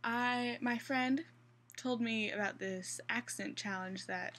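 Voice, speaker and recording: A woman's voice: fairly high pitch, slow pace, a bit bright, slight background noise. A young woman with a Central Kansas accent chatting casually through an accent challenge, rambling with restarts and fillers. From Kansas, USA. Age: young adult. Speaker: vlogger.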